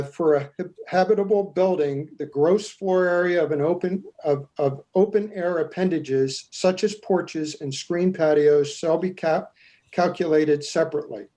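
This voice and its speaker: A zoning board member at a public meeting, reading out and explaining building code in a deliberate, measured way with frequent pauses. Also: male voice, on the high side, darkish tone.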